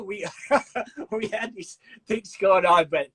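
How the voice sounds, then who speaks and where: A middle-aged man hosting a casual interview, telling animated stories, acting out quotes and laughing often. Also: high-pitched, slow, husky, poor audio. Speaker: host.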